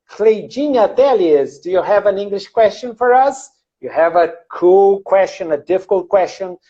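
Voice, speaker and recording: A man from Minas Gerais, Brazil, with a Brazilian Portuguese accent teaches English in a live online class, greeting viewers by name, repeating phrases and using lots of fillers. His voice sits high and is a little mellow. The audio is dull, captured by a computer mic on a live video stream.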